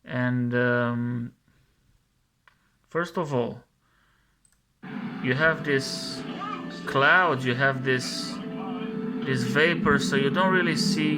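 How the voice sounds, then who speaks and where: Guy mocking a clip he's watching, slow talker, pretty average pitch, scornful and repeats himself a lot. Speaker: video commentator. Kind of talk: scornful commentary over a video.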